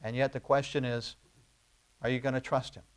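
A male pastor preaching a sermon, asking the congregation rhetorical questions and slowing down to stress key phrases. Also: mid-range voice, level tone, clean tone. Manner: rising to emphatic, slowed declarations on key phrases.

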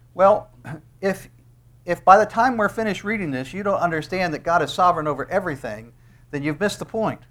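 A middle-aged man preaching an expository sermon, reading scripture aloud and stressing key phrases emphatically. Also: sits high. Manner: emphatic, rising on quoted verses.

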